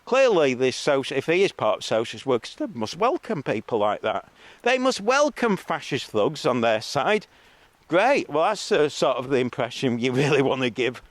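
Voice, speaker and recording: A man's voice: mid-range voice, very animated, normal speed, no echo. Bloke ranting on his vlog, mocking and scornful, lots of ums, normal mid voice. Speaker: street video blogger. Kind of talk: ranting monologue.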